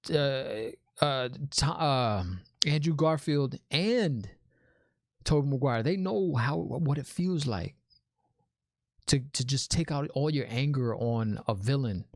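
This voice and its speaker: A man's voice: medium pitch, dry recording. Chatty man reviewing a movie, dry sound. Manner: chatty and enthusiastic, often calls the listener "man"; repeats himself and restarts sentences. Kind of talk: casual spoiler review.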